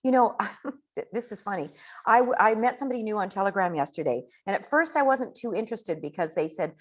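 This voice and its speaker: A woman giving a casual coaching talk on network marketing, chatty and animated. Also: medium pitch, a little fast. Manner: chatty, animated, acts out quoted dialogue.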